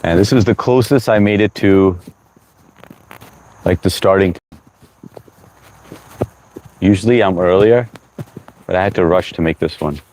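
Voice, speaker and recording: A man's voice: sits low, measured pace, pauses often, a little mellow, slight background noise. A young man from the US hosting a casual livestream, greeting viewers by name, mixing in Hindi phrases and sounding short on sleep. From United States. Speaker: livestream host.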